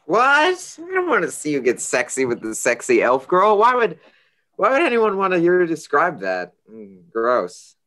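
A young man playing a goofy teenage boy running a game as dungeon master, excitable and exaggerated. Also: medium pitch, measured pace. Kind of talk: stage play acting.

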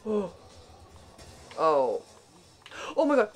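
A woman giving panicky, excitable commentary while playing a video game for the first time, laughing often. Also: medium pitch, normal speed, highs cut off, soft background music. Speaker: gaming channel host.

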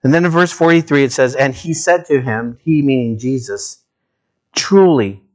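A man preaching a sermon as pastor, talking straight to his listeners and moving between low, slow emphasis and raised, urgent appeals. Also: a little mellow. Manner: earnest, direct address to listeners.

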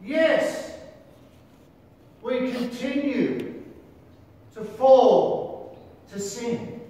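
A man's voice: very high-pitched, extremely slow, warm tone. An Australian man preaching a sermon as pastor, emphatic, with rhetorical questions and repeated calls to listen. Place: large church hall. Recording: echoey church hall from far off.

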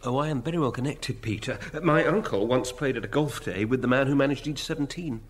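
A man's voice: medium pitch, fast talker, slight background noise, natural voice. An actor playing a fawning, self-important man who has made himself an agent, in a radio sitcom. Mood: smug. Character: scheming sycophantic male self-made talent agent.

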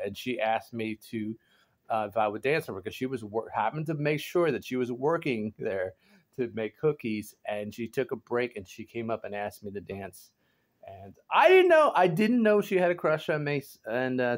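A man in his forties chatting casually to his viewers from home, rambling and laughing often, jumping into high excited exclamations. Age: 40s. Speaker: vlogger. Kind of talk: casual chat to camera. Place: home garage.

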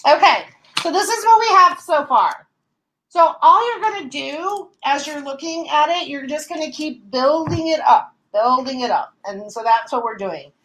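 A woman's voice: high voice, expressive, normal speed, a bit bright, slight background noise, poor audio. Bubbly woman hosting a craft livestream. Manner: bubbly, laughs often, explains steps as she works. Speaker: craft show host. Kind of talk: casual craft demonstration livestream.

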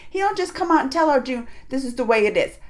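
A woman's voice: high voice, expressive, quick pace. A woman hosting a reaction video, talking casually and rambling with many fillers and restarts. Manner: retells scenes by acting out the characters' lines.

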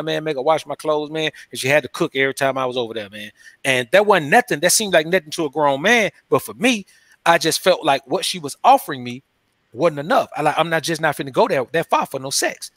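Brief: male interview guest, loose slangy storyteller, fairly high bright voice. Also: no echo. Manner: loose, slangy storytelling, says "man" constantly. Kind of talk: casual interview talk.

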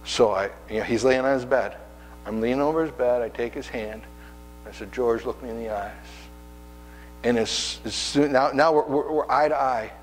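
A man's voice: mid-range voice, moderate pace, big-room sound, soft background music, low-quality recording. A man preaching a sermon as pastor, telling personal stories in a conversational way and acting out the voices in them. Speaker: pastor and hospice chaplain. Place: church sanctuary.

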